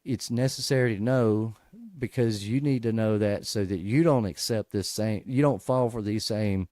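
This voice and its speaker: A man's voice: on the low side, mellow, no echo, clean studio sound. A man hosting a casual Bible study show, explaining verses in a conversational way, with frequent restarts and sudden emphatic bursts.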